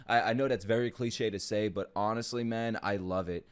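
A young man casually reacting to an anime, excitable, laughing and swearing, with loud bursts. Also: on the low side, a little fast, few pauses, smooth.

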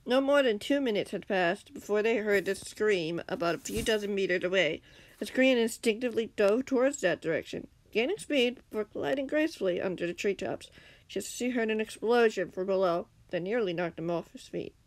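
A woman's voice: medium pitch, lively intonation, fairly quick, dry recording. Giggly woman reading a fan story. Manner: reads with slips and giggles, acts out shouted lines. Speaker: fanfiction reader.

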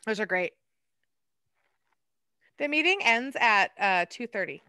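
A woman art docent leading a hands-on clay lesson, chatty and quick to laugh at herself. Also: medium pitch, animated, sharp tone, dry recording.

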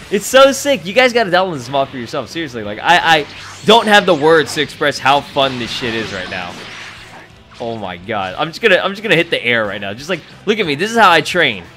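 Excitable young man narrating gameplay. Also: on the high side, a little fast, faint music behind. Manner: excitable, swears a lot, laughs often. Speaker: gaming YouTuber. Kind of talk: gameplay commentary.

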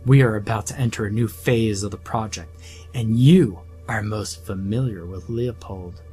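A man's voice: lowish voice, normal speed, warm tone, husky, soft background music. A man playing a smug, scheming middle-aged doctor who talks sarcastically and condescendingly.

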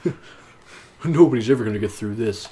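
A man's voice: fairly low pitch, lively intonation, brisk, dark tone. A young man casually commentating on a friend's game, teasing and giving directions with lots of fillers. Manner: teasing, backseat gaming, filler-heavy. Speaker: co-host commentator. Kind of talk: casual let's play commentary. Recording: faint background noise.

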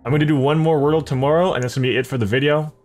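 A man's voice: a little high, fairly even intonation, very fast, a little mellow. A man thinking aloud as he plays a word puzzle, muttering half-words and guesses and laughing often at himself. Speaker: gaming YouTuber. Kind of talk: thinking aloud while playing a word game. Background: music.

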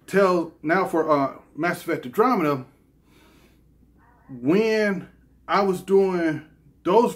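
A man hosting his gaming channel, talking casually and apologetically, with many fillers and restarts. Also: fairly high pitch. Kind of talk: casual talk to camera.

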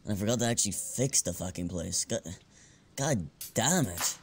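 A man voicing a hot-tempered young scientist who swears a lot and swings between anger and self-pity in an animated comedy. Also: fairly low pitch, moderate pace, slight background noise. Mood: frustrated. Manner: swears a lot, flips between rage and sulking. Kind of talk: amateur animated comedy voice acting.

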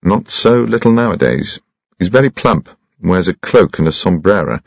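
A laconic detective son, read by a man in a deep, gravelly, husky voice. He answers dry and teasing, with clipped replies. The sound is dry and a bit dull. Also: expressive, normal speed, dry recording, heavily acted.

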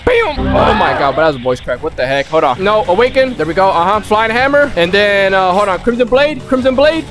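A young man casually commentating his own gameplay, excitable and full of rapid repeated callouts. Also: high voice. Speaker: gaming YouTuber.

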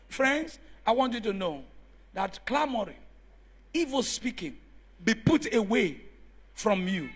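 A man preaching a sermon in church, telling stories and rising to shouts as he calls on the congregation. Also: extremely high pitch, very animated, measured pace, husky. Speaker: pastor.

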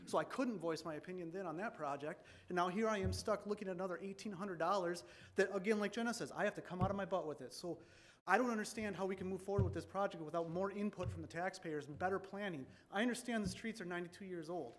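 Fast, high-voiced frustrated resident. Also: male voice. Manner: frustrated, rapid, questioning. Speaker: resident speaking at public hearing. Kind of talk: public comment at city meeting.

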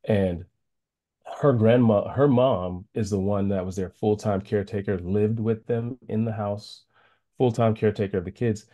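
A man of about forty, from the Chicago area, tells a personal story as a guest speaker on a video call. He speaks earnestly and haltingly, with many fillers and restarts. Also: lowish voice, fairly even intonation, warm tone. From Chicago area, United States.

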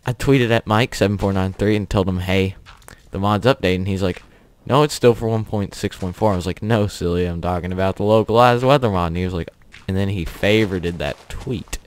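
Low-voiced young man rambling casually. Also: a little fast. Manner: rambling, chuckling, offhand storytelling. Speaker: gaming channel host. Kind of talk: casual commentary over gameplay.

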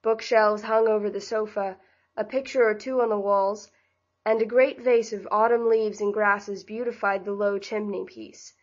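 Gentle woman narrating a classic novel. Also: mid-range voice, steady tone, moderate pace, lo-fi sound. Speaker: audiobook narrator. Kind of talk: scripted narration.

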